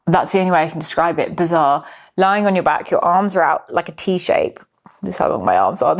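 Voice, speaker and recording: A young woman from the United Kingdom hosting a podcast, telling a personal story in a candid, chatty way, swearing freely and filling with "like". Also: on the low side. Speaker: podcast host. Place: indoors, filming herself.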